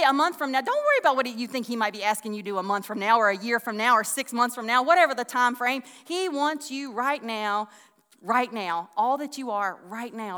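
In a recording drenched in long hall reverb, a female Bible teacher delivers an easygoing, conversational sermon full of folksy chatter, false starts, and side remarks. Her pitch is a little high, with a sharp yet clean tone.

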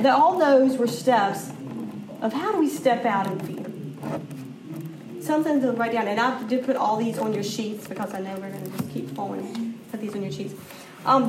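Middle-aged woman, church teacher, earnest chatty delivery, fairly high voice, distant mic, echo and room noise. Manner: earnest, conversational, emphatic. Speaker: women's class teacher.

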